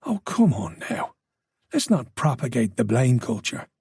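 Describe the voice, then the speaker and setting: A man voicing a soft-spoken, menacing male caller with an Irish accent and a purring, soothing tone. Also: mid-range voice, huge pitch swings, a little slow, creaky, husky, no echo, clean studio sound, full character voice. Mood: menacing calm.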